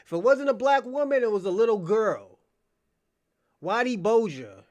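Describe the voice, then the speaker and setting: Brash high-voiced man hosting a live stream. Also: very animated, normal speed, darkish tone, highs cut off. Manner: brash, mocking and profane, addressing chatters by name. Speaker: livestream podcast host. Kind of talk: casual live chat reacting to viewers.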